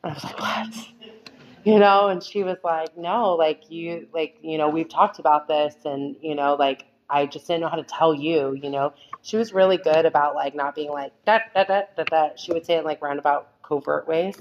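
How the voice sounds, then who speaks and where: A woman's voice: deep voice, normal speed, few pauses, highs cut off, slight background noise. A woman sharing her recovery story at a meeting, candid and rambling, full of fillers and restarts. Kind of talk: personal testimony talk.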